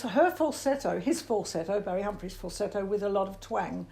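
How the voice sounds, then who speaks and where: An older woman from Australia with an Australian accent, a singing teacher answering interview questions in an animated way and breaking into voice demonstrations. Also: normal speed, creaky, hardly any pauses. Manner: animated, demonstrates voices with big pitch jumps.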